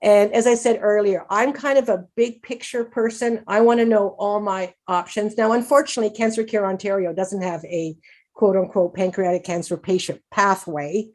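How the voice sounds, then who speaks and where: Middle-aged woman, patient advocate at a conference; upbeat, chatty, quick laughs, frequent restarts. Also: mid-range voice, fairly even intonation, a little mellow. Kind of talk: conference presentation.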